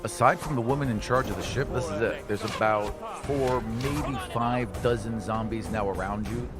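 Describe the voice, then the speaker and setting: A man's voice: lowish voice, normal speed, over loud music. A man narrating a tabletop game as game master, painting gory scenes in a casual way. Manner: vivid, gory scene-setting with casual fillers.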